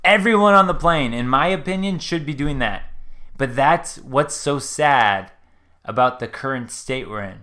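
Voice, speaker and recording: A man hosting a live stream with a bright, forward voice in middle pitch. He talks in a loose, rambling way, earnest and opinionated, and often trails off mid-thought. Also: a little slow. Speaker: live stream host reacting to a video. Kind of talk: casual commentary.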